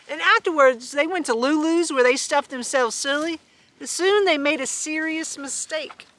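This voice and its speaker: A woman reading a children's storybook aloud, animated and chuckling with asides. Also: high-pitched, moderate pace. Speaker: storybook reader.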